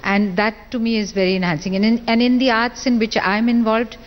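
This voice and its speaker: A woman panelist from the arts speaks in a halting, reflective way, with many pauses and fillers. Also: fairly high pitch, level tone. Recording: dull audio with long hall reverb.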